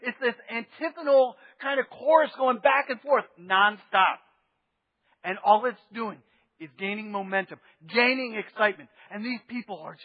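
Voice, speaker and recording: A man pastor tells a story in an animated sermon, swinging between loud bursts and near-murmurs. His voice is high for a man and husky. The recording is dull and lo-fi, with a long reverb from the sanctuary. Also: moderate pace.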